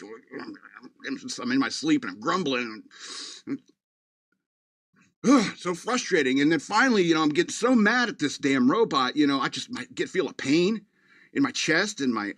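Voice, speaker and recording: A man's voice: on the high side, a bit bright, dry recording, clean studio sound. A man hosting a radio show in a casual, meandering monologue full of fillers.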